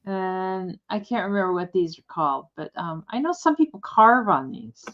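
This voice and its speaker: A woman's voice: medium pitch, lively intonation, normal speed, fairly bright tone. Woman co-host, friendly rambling sales chat, slightly dull lo-fi recording. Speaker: live sale co-host. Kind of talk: casual selling chat.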